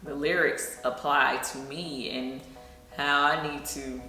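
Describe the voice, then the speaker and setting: A woman's voice: very deep voice, fairly even intonation, slow, bright, forceful tone. A middle-aged woman from Atlanta, chatting casually about a singing show and filling her talk with "you know". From Atlanta, Georgia. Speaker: singer and vlogger. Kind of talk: casual behind-the-scenes chat. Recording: echoey room, faint music behind.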